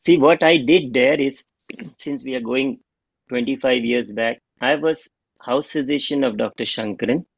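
A middle-aged man, a homeopath guest telling an animated story and acting out the dialogue. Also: medium pitch, measured pace, vocal fry, husky, no room sound. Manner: animated, acts out quoted dialogue. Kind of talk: storytelling interview. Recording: dull lo-fi dry sound.

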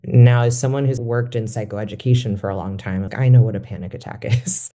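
A man who works as a mental health educator gives a candid personal testimony in a reflective, measured way. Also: medium pitch, fairly even intonation, warm tone.

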